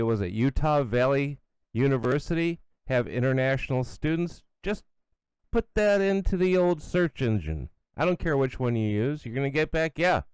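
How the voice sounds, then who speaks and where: Middle aged guy ranting on his own show, sarcastic and scornful, smooth voice, dry close mic. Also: mid-range voice, a little mellow, no echo. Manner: blunt, sarcastic, scornful, with asides and restarts. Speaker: radio commentary host. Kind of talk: opinionated solo commentary.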